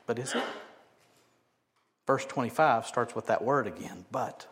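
Animated man preaching a sermon. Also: medium pitch, unhurried, noisy background. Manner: animated, swings from loud acted-out quotes to quiet asides. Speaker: pastor.

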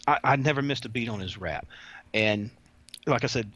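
A man's voice: medium pitch, a little slow, pushed and bright, dry recording. A man who used to work as a prison officer, telling stories in a rambling, folksy way with many restarts and some slang. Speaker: former prison officer, guest. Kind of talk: casual podcast storytelling.

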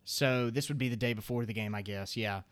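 A man's voice: mid-range voice, brisk, fairly bright tone, no echo. A young man with a Southern US accent, casually telling a long, rambling story with lots of fillers. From American South. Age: young adult.

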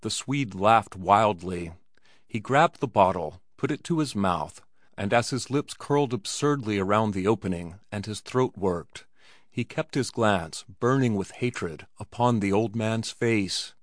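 A man narrating a story aloud in a steady storytelling delivery. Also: fairly low pitch, a little slow, no echo, studio quality. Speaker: audiobook narrator. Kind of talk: scripted narration.

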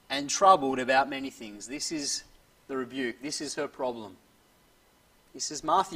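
A man's voice: a little high, breathy edge. Earnest preacher man, distant mic. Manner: earnest, drops softly at phrase ends. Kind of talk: expository sermon.

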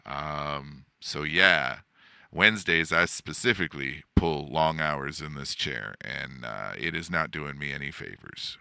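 A low-pitched man hosts a podcast in a loose, rambling chat full of fillers and casual swearing. His voice is strikingly bright and cutting, smooth and crisp, recorded dry and close with no room sound. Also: unhurried, no echo. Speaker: podcast host. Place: home setup, seated in a desk chair.

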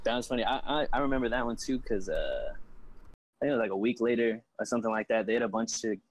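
A young man in casual sports chat, relaxed and slangy as he tells stories. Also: mid-range voice, fast talker, low-quality recording.

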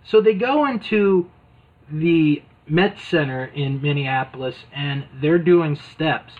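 A man's voice: a little high, takes it slowly. A man casually retelling an old wrestling videotape scene by scene, amused and rambling with fillers. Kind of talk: casual chat. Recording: tinny phone-like sound.

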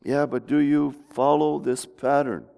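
A man preaches a homey, conversational sermon, stumbling and restarting as he goes. His voice is rough and gravelly, sitting a bit high for a man. The sanctuary gives it a long, lingering reverb. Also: fairly even intonation, measured pace, darkish tone. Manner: folksy, conversational with frequent restarts. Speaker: pastor. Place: church sanctuary. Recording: long reverb of a church hall.

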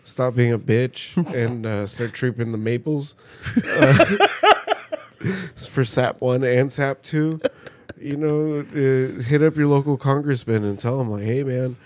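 Young podcast dude ranting, swears nonstop, dry close mic. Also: male voice, medium pitch, fairly even intonation, takes it slowly, a little mellow, dry recording. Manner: profane ranting, swears constantly. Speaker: podcast co-host. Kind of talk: casual podcast banter.

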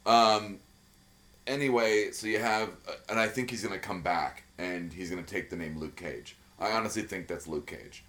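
A man with a deep, fairly bright voice co-hosts a podcast at a moderate pace. The talk is a loose, casual chat full of enthusiasm, profanity, and plenty of fillers.

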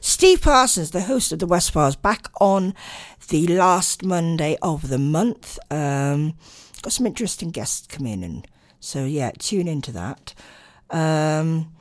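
A woman's voice: low voice, lively intonation, a little slow, no echo. A tired woman hosting late-night radio, chatting and rambling with lots of ums. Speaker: radio host.

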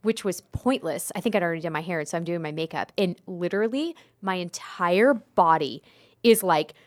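A young adult woman co-hosting a podcast in casual chat, telling stories with lively acted-out quotes. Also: lowish voice, fairly quick. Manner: animated storyteller, acts out quotes. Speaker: podcast co-host.

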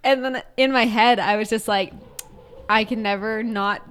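A woman's voice: fairly high pitch, fairly even intonation, normal speed, fairly bright tone, smooth. A woman co-hosting a podcast, telling stories in casual chat and laughing often. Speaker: podcast co-host.

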